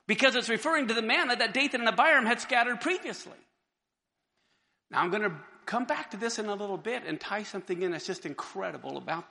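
A high, bright man's voice with a gravelly texture, teaching scripture with lively energy. He jumps into character to act out the crowds and Moses. The sound carries a long hall reverb. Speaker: Bible teacher. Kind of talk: animated Bible teaching.

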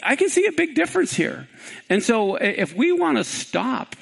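A male preacher with a very high voice and a gravelly edge to it. He retells a scripture story with animated energy, then settles into lower, conversational commentary for a live-streamed sermon. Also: normal speed.

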